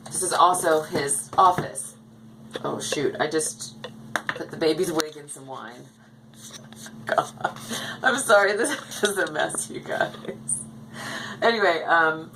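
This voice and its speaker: A woman's voice: lowish voice, fairly bright tone, a little hiss or hum, poor audio. A woman chatting casually to the camera in a rambling way as she shows her dolls at home. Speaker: doll collector vlogger. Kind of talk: casual chat. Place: home, indoors.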